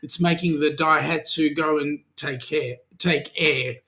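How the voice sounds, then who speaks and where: A man with an Australian accent hosts a relaxed live chat, joking as he reads out viewer comments. His voice is bright and forward. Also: fairly high pitch, measured pace. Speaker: host. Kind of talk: casual livestream chat.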